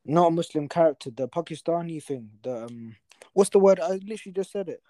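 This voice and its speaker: A young man chats on a podcast and tells animated, slang-heavy stories. His voice sits a little high. The sound is dry, with no room echo. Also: a little fast. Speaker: podcast co-host. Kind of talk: casual chat.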